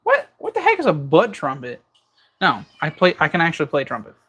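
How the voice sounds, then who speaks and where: A man's voice: a little high, huge pitch swings, brisk, bright, forceful tone, breathy edge. A man hosting a casual livestream from his kitchen, cooking as he talks and joking through viewer comments. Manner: jokey banter, reading viewer comments aloud. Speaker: livestream host.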